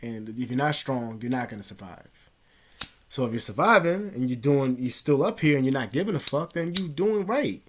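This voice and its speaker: A man vlogging in a rambling, profane, animated storytelling monologue. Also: medium pitch, moderate pace, slight background noise. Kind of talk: casual monologue.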